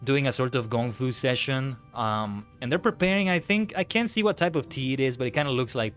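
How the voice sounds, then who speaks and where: A man chatting on a live gaming stream who breaks into animated, swearing rants. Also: medium pitch, a little fast, faint music behind. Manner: ranting, swears freely, animated outbursts. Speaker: VTuber streamer. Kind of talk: casual live-stream chat while gaming.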